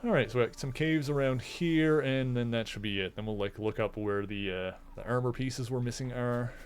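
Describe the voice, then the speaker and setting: A man's voice: mid-range voice, normal speed. A man giving loose, joking play-by-play while he streams a game, chatting to viewers as if they were in the room. Faint game music plays underneath his voice. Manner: playful, chatty, talks to his cat. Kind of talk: casual gameplay commentary.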